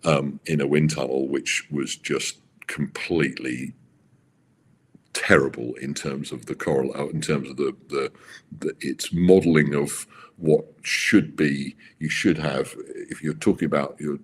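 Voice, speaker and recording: A middle-aged man, a racing car designer, telling stories in an interview with halting restarts and acted-out quotes. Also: rumbling low, steady tone, slightly rough. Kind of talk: animated storytelling interview.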